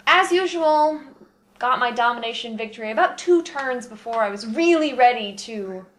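Chatty young woman, higher voice. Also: animated, normal speed, a little hiss or hum, poor audio. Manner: chatty, rambling storyteller. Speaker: podcast co-host. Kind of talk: casual chat.

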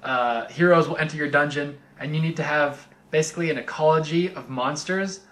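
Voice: medium pitch, a little fast, fairly bright tone. A podcast host who keeps asking questions in casual chat and laughs often.

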